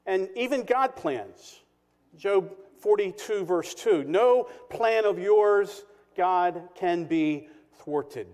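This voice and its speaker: A man preaching a sermon as pastor, in an emphatic, measured delivery with dramatic pauses. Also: sits high, a little mellow. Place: church sanctuary. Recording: long reverb of a church hall.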